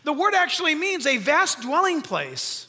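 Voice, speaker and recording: An older male pastor preaching with a very high, nasal voice that rings bright and sharp. He drives home each point with earnest emphasis, rhetorical questions and flashes of humor. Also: huge pitch swings, normal speed. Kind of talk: sermon.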